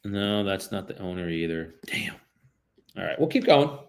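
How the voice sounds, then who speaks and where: A man's voice: low-pitched, lively intonation, moderate pace. A man in real estate streaming himself making cold calls, chatting loosely with viewers in slang and switching to a polite, raised voice when someone picks up. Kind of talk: live-streamed cold calling.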